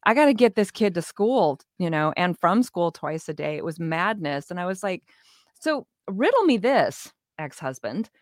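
A middle-aged woman with a fairly low voice tells her story as an interview guest, animated and casual, often playing out what people said. The sound is dry and close, with no room echo. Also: normal speed, hardly any pauses. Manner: animated, acts out quoted dialogue, laughs often. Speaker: interview guest, business owner.

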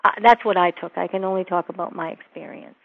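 A woman's voice: on the low side, steady tone, fast talker, creaky. A woman minister being interviewed, telling a personal story earnestly and acting out the voices of the people in it. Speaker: guest, minister and author. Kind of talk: interview conversation. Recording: tinny phone-like line.

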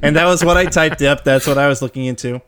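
A man co-hosting a casual podcast chat, enthusiastic and opinionated, dropping quick affirmations. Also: fairly high pitch, fairly bright tone, smooth. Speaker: podcast co-host.

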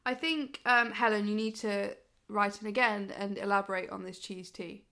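A woman's voice: mid-range voice, fairly even intonation, moderate pace, vocal fry, bright, forceful tone. A woman co-hosting a casual podcast, giggly and self-deprecating. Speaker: podcast co-host.

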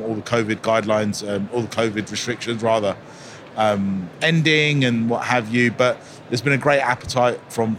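A man representing a brand at a trade show, answering with many pauses and ums. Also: medium pitch, a bit bright, a little hiss or hum. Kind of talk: casual interview. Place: exhibition stand.

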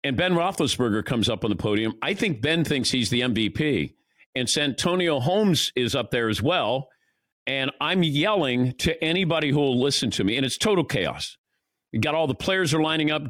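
A man, a sports broadcaster appearing as a guest, telling anecdotes in casual chat and acting out the shouts and quotes in his stories. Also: fairly high pitch, no echo, studio quality. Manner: animated storyteller who acts out shouts and quotes.

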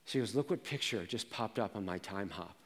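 A man preaching a sermon as pastor, telling personal stories and moving from quiet reflection to intense emphasis. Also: fairly low pitch, animated, a little fast, in a large hall.

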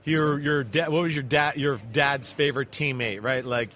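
A man's voice: medium pitch, fairly even intonation, moderate pace, sharp tone. A man co-hosting a casual sports interview show, joking around loosely and swearing freely. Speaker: co-host.

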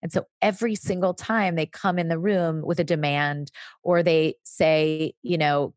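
A woman's voice: on the low side, moderate pace, a little mellow, dry recording, clean studio sound. A woman speaking as the expert guest in a conversational interview, explaining patiently and now and then acting out what a parent might say. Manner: explanatory, briefly acts out parent and child lines. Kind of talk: casual chat.

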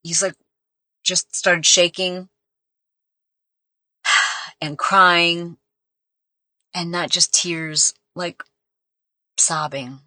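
A woman's voice: lowish voice, steady tone, drawn-out words, long pauses, pushed and bright, dry recording. A woman hosting a podcast and telling a personal story in a casual, heartfelt, rambling way, with lots of "like". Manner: heartfelt, rambling, heavy use of "like". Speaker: podcast host.

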